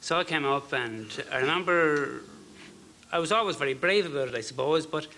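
An Irish man in his fifties, a talk show guest, telling a personal story in an earnest, halting way. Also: fairly high pitch, a little hiss or hum. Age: 50s. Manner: earnest, halting, with fillers and soft dropped phrases.

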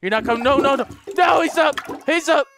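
A young man giving frantic let's play commentary, yelling, swearing and laughing at the game as he plays. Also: extremely high pitch, fairly quick, background noise. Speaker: gaming YouTuber.

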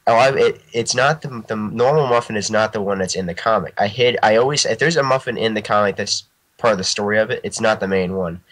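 A man's voice: fairly low pitch, quick pace, fairly bright tone, low-quality recording. A man chatting casually as a guest artist, rambling and restarting his sentences and laughing often. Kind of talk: casual chat.

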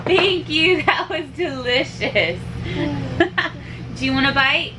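Giggly young mom cooing baby talk. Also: female voice, high-pitched, animated, slow pace, heavy background noise. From United States. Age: young adult. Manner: giggly, coos baby talk to her son. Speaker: mother filming her family. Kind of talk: home video chat with a toddler. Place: family home, indoors.

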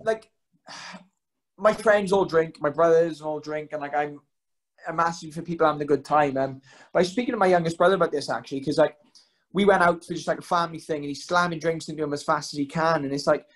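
Fast-talking young man, rambling. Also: on the high side, fairly bright tone, poor audio. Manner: rapid rambling delivery full of "um" and "like". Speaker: guest, pro fighter. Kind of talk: casual storytelling chat.

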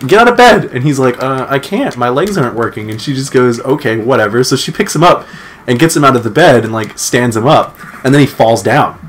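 A man's voice: mid-range voice, a bit bright. A young man, a podcast co-host, telling a rambling childhood story in casual chat and acting out what family members said. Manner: rambling storyteller, acts out family quotes with laughs.

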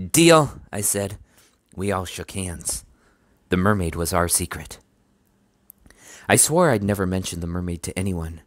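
Deep-voiced man reading a kids' book. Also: no room sound, studio quality. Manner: lively, raises pitch for dialogue. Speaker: audiobook reader. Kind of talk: reading a children's book aloud.

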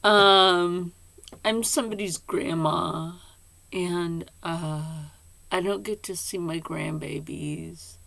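An older woman talks to her viewers in a very slow, rambling way. Her voice is gravelly and fairly low, and she keeps slipping into a soft half-whisper. She sounds emotional and close to tears at times. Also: fairly even intonation, no room sound. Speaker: video channel host. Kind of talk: casual chat to camera.

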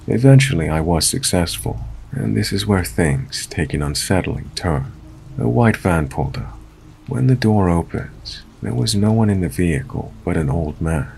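A man narrating a first-person scary story in a steady, low-key storytelling manner. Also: vocal fry, slight background noise.

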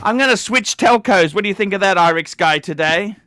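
A man hosting a live stream, ranting and swearing at callers, bursting into shouts. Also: high-pitched, fairly quick, no room sound, clean studio sound. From Australia. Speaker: livestream host.

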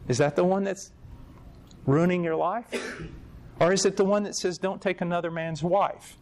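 A middle-aged man preaching in a lecture-style sermon, telling stories emphatically and jumping up in pitch on his key points. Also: darkish tone.

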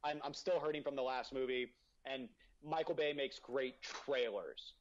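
A man's voice: mid-range voice, normal speed, muffled recording, a little hiss or hum. A man co-hosting a podcast, ranting and teasing his friends in casual banter, often repeating himself. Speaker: podcast co-host.

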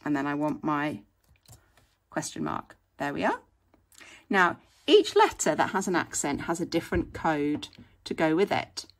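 A woman's voice: low voice, sing-song, a little slow, pauses often. A woman, teaching patiently and step by step in a screen-share tutorial. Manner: patient, step-by-step, frequent "okay".

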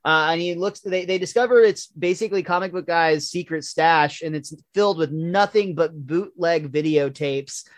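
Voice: medium pitch, moderate pace, few pauses, no echo. Podcast host giving a rambling episode recap. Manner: rambling with fillers and laughs.

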